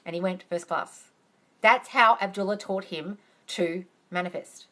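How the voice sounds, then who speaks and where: A woman's voice: fairly low pitch, measured pace. Chatty woman telling a story on a livestream. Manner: chatty, animated storyteller who acts out quotes. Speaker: manifesting coach. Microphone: phone livestream.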